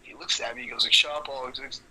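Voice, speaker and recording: A man, a professional wrestler, telling stories in a casual podcast chat, animated and swearing freely. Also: mid-range voice, fast, slight background noise, low-quality recording. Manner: animated storyteller, swears freely, acts out quotes.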